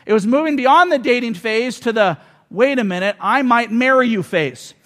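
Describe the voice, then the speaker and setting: A man's voice: very high-pitched, lively intonation, moderate pace, a bit bright. A man in his forties preaching a conversational sermon to a congregation, telling stories and driving points home with emphasis. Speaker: pastor. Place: church hall with audience.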